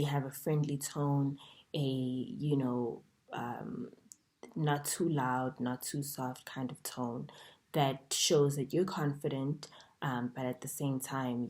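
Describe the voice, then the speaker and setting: Chill low-voiced lady giving a lesson, warm tone, lots of ums, keeps asking okay?. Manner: chatty, many fillers and "okay?" checks. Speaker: dating coach. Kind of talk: online masterclass lecture.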